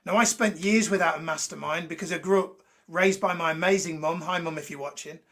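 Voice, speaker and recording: Blunt, ranty man, high voice. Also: brisk, a bit bright. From Birmingham, England. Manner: ranty and blunt, swears freely, jokey asides to viewers. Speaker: host of a motivational live show. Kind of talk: unscripted motivational talk to a live chat.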